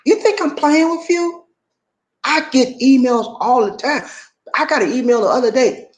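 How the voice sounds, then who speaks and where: A man giving a casual vlog monologue as a YouTube creator, animated and preachy, who keeps calling the viewer "man". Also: very high voice, normal speed.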